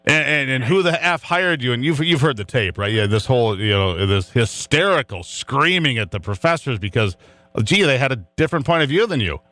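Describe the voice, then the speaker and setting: A middle-aged man delivers a fiery talk radio rant, hammering his points with repetition. His pitch swings widely as he presses each point. The sound is dry and close, with no room around him. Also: expressive, brisk, pushed and bright, dry recording. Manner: fiery, emphatic, repetitive preaching. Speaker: radio talk show host. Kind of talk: opinionated talk radio monologue.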